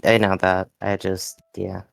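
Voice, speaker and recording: A tabletop player speaking in character, hesitant and halting, often repeating words. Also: low voice, flat delivery, gravelly, no room sound, studio quality, soft background music.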